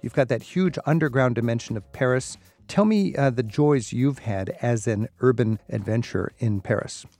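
A man's voice: medium pitch, normal speed, a little mellow, soft background music. A man hosting a radio travel interview, reading a scripted intro and then asking curious, conversational questions. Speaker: radio travel show host.

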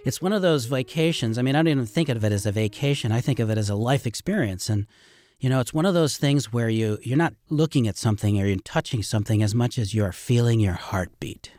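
A man's voice: medium pitch, expressive, fast, a little mellow, no room sound. A middle-aged man, a river rafting guide, telling stories earnestly and ramblingly in a radio interview.

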